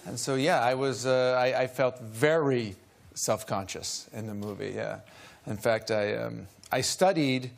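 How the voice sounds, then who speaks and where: A man's voice: medium pitch, unhurried, vocal fry. A man appearing as an actor guest on a talk show, telling a rambling, self-deprecating anecdote full of restarts. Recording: studio with loud audience.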